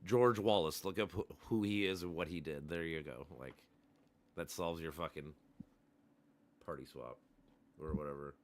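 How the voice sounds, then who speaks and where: A man's voice: rumbling low, normal speed, long pauses. A man hosting a livestream, ranting in heated, profane casual chat. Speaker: livestream host.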